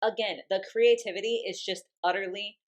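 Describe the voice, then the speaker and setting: A woman's voice: mid-range voice, steady tone, moderate pace. A woman, reviewing dolls in a casual, gushing and giggly unboxing talk. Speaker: doll collector vlogger.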